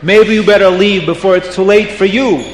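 A man's voice: high voice, steady tone, normal speed, slight background noise, lightly acted. A man playing a bold, fearless rabbi in a told story, cocky and scornful toward his foes. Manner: cocky, scornful, self-assured. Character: bold fearless old rabbi who mocks witches. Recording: roomy hall reverb.

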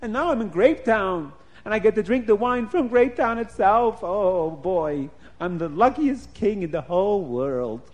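A man storytelling for children voices a greedy, excitable king who loves wine, gleeful at first and then indignant. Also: high voice, moderate pace, few pauses, voice pushed up.

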